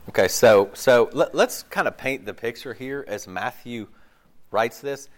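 A man's voice: mid-range voice, a little slow. A man preaching a casual, conversational sermon, laughing often and breaking off his own sentences. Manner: animated, laughs often, jumps into playful voices; loose, self-interrupting, many fillers.

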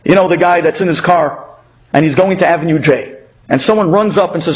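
A man with a high voice delivers a religious talk through stories. He animates the people in his tales as he goes, and the recording is dull and lo-fi. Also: fast talker. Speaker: inspirational speaker.

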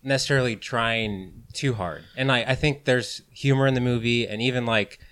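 A man's voice: mid-range voice, moderate pace, a bit bright, clean tone, dry recording. A man in casual podcast chat who jokes and laughs easily.

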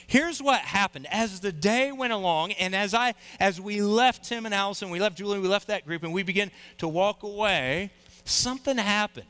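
A middle-aged man preaching a sermon, telling a personal story with lively, acted-out quotes. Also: high voice, smooth. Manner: animated storyteller, acts out quoted voices. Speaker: pastor.

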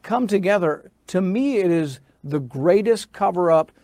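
A man's voice: high voice, expressive, a little slow, a little mellow, no echo. A middle-aged American man who is a senator, telling a story in an interview in an insistent manner that builds to indignation. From United States.

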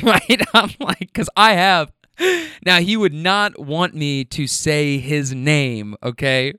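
A man's voice: a little high, clean tone, no echo, clean studio sound. A man hosting a podcast, casually telling a story about his rideshare passengers, laughing often and acting out what they said. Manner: animated, laughs often, acts out other people's lines.

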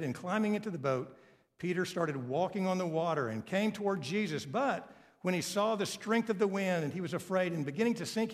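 A man's voice: sits high, in a large hall. A man preaching a sermon as pastor, retelling a story and repeating key phrases for emphasis.

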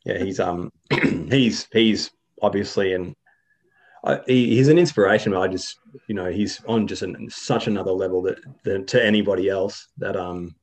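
Low-voiced Australian young man. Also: normal speed. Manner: rambling, many fillers and restarts. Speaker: guest, video creator. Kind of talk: casual interview chat.

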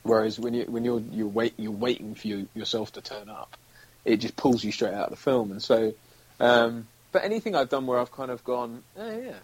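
A British actor talks loosely in a relaxed interview, wandering from thought to thought and acting out little quotes. His voice has a husky, slightly breathy edge, at a middling pitch for a man. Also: brisk, poor audio. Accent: British English. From United Kingdom. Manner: rambling, acts out quotes, laughs often. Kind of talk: casual interview chat.

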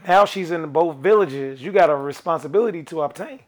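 A man co-hosting a podcast in casual chat, animated and jumping between ideas. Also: fairly high pitch, fairly quick. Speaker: podcast co-host.

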